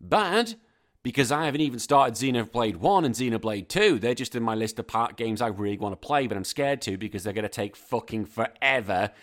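Swearing, ranting British podcast host. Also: male voice, medium pitch, a little fast. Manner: ranting, swears freely, animated. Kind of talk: casual podcast chat. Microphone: podcast microphone.

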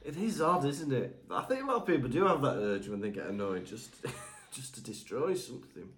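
A man's voice: medium pitch, sing-song, fairly quick, fairly bright tone, faint music behind. A man co-hosting a comedic podcast, playful and laughing often as he riffs. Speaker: podcast co-host. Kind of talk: comedic book-discussion podcast chat.

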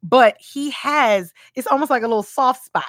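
A woman co-hosting a casual faith discussion, animated and acting out little voices, with many fillers. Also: sits high, normal speed, dry recording, studio quality.

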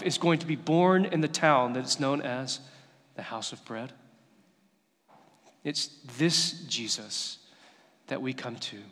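A pastor in his thirties delivers a sermon, talking conversationally with the congregation and then building to emphatic declarations. His voice sits a little higher than most men's. The sound carries a long reverb from the church sanctuary. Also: fairly bright tone. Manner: conversational preaching that builds to emphatic, rising passages.

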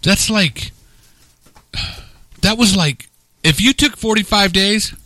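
A man's voice: high-pitched, slow, sharp tone, dry recording. A man co-hosting a casual podcast, a talkative, rambling storyteller who often laughs at his own jokes. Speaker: podcast co-host.

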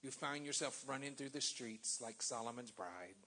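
A man preaching a sermon and reading scripture, with dramatic pauses, swelling loud and then dropping to a hush. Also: medium pitch, breathy edge. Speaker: pastor.

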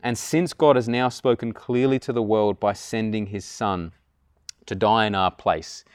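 A man preaching a sermon in an earnest way, rising to loud, emphatic peaks. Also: on the low side, a little slow, clear, resonant tone, no echo, studio quality.

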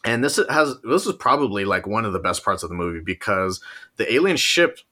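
A man's voice: fairly low pitch, lively intonation, fairly quick, bright, forceful tone. A man co-hosting a casual movie podcast, rambling through the plot, laughing often and swearing casually. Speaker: podcast co-host. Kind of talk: casual movie-review chat.

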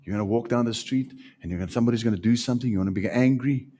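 A man preaching a sermon, swinging between loud emphatic lines and hushed ones. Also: mid-range voice, rapid-fire, slight background noise.

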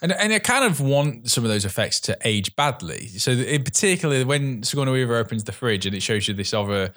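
A man's voice: medium pitch, brisk. A man co-hosting a casual film podcast, retelling scenes with frequent laughs and some swearing. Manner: animated storyteller, laughs often, swears. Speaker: podcast co-host.

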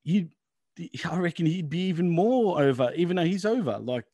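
A man trading jokes in a casual wrestling chat, his voice sitting a bit high for a man. He swears freely and jokes around with a laugh. The sound is dry and close, with no room around it. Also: animated, normal speed, warm tone, no room sound. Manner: profane, laughing, joking banter. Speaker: podcast co-host.

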